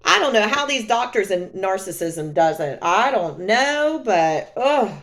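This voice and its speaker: A woman's voice: medium pitch, sing-song, a little slow, a bit bright. A woman vlogging to camera in a casual, sarcastic, exasperated way.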